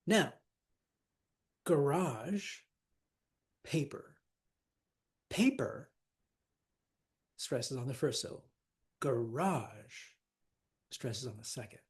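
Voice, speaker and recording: A man teaching a class on verse, animated and laughing often, repeating words to stress them. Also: medium pitch, unhurried, long pauses, breathy edge. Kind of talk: classroom lecture.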